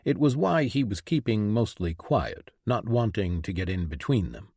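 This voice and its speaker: A man narrating a fantasy audiobook in an expressive reading style. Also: fairly low pitch, moderate pace, few pauses, breathy edge, no echo, clean studio sound.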